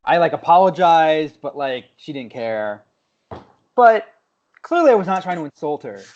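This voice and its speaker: Male podcast co-host, animated storyteller, a bit high, muffled home recording. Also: moderate pace. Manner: animated storytelling, swearing, laughing. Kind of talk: casual chat. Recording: dull lo-fi podcast audio.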